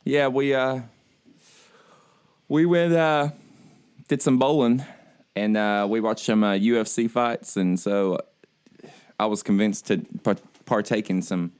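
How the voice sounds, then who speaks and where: A man's voice: fairly low pitch, slow pace, long pauses, darkish tone, clear, resonant tone. A man co-hosting a casual podcast, sleepy and laid-back, rambling with easy laughs. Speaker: podcast co-host. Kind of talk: casual chat.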